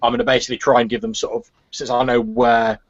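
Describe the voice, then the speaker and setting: Man, tabletop player, quick rambling speech, muffled lo-fi audio. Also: medium pitch, flat delivery. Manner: rambling, lots of "sort of" and "basically". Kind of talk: casual tabletop play.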